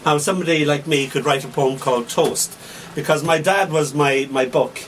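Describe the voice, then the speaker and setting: An Irish man in his sixties with a Kildare accent, a guest poet telling playful stories on a radio show. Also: fairly high pitch. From Ireland. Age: 60s. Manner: playful, storytelling, quick to laugh. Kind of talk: casual radio chat. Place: hospital radio studio. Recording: distant mic with faint hiss.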